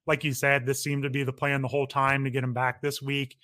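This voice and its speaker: A man co-hosting a fantasy football podcast, giving quick conversational analysis with frequent restarts. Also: mid-range voice, level tone, bright, forceful tone, no echo. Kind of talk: casual podcast chat.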